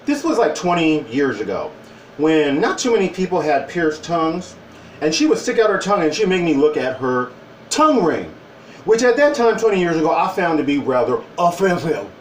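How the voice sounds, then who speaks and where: Man, mid-forties, casual vlog storyteller, lively swooping pitch, recorded distant in an echoey room. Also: moderate pace, a little hiss or hum. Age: 40s. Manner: animated, wry storytelling with quoted voices. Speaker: vlogger. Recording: roomy, distant from the mic.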